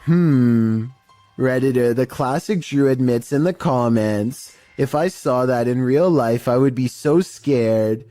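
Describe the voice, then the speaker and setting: Mellow-voiced man narrating eerie clips. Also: medium pitch, no room sound, faint music behind. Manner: measured, mildly spooky storytelling. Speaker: narrator of a paranormal clip compilation. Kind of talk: scripted narration.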